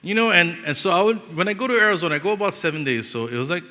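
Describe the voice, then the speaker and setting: A young man from Hawaii preaches with a relaxed Hawaiian Pidgin lilt, his voice bright and forward. He tells stories in an animated, joking way and acts out the people in them, and his words ring out in the long reverb of a church hall. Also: high voice, rapid-fire. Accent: Hawaiian Pidgin-inflected English. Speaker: pastor. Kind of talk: storytelling sermon.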